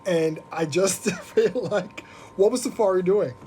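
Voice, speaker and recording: A podcast host ranting on a live stream in an animated, profane, mocking way. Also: male voice, sits high, a little slow, a little hiss or hum. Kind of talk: casual live-stream rant.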